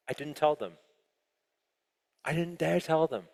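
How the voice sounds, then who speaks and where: Animated male motivational speaker in a hall. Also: on the high side, a little slow, creaky. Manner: animated, keeps asking the audience questions. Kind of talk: motivational talk to a live audience. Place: large room with an audience. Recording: long hall reverb.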